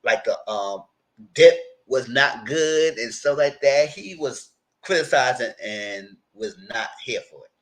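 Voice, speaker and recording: A man's voice: medium pitch, a little slow, poor audio. A man casually recapping and reviewing a reality TV episode, chatty and informal, acting out what people said. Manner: chatty, animated, retells scenes with quoted voices; informal, conversational phrasing.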